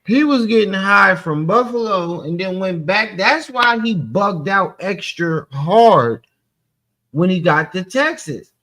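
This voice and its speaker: Commentary host guy, voice a little high, blunt and mocking about the clip. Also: lively intonation, slow pace, bright, forceful tone. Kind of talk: reaction commentary.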